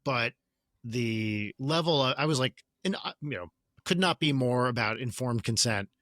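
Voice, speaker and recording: A man in his forties, a podcast guest, telling stories in a casual chat with quick asides. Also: mid-range voice, dry recording, studio quality. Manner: animated storyteller, quick asides.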